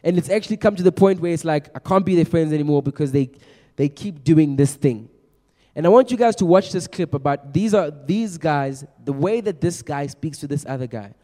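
A young man preaching to a youth group in a chatty, energetic way, often repeating his words. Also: on the high side, brisk. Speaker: youth pastor. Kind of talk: youth sermon. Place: large room with a youth audience. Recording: long echo of a large hall.

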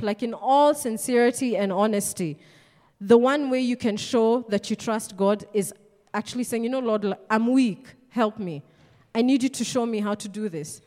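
Woman preaching in a reverberant hall. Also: on the high side. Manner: lively, conversational preaching with playful asides. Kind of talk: sermon.

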